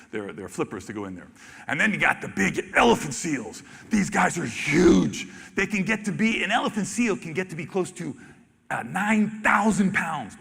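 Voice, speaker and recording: Man, wildlife photographer, animated stage storytelling, husky voice, long hall reverb. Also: a little high. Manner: excitable, acts out reactions with sudden loud exclamations. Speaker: wildlife photographer giving a talk. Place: large expo hall stage.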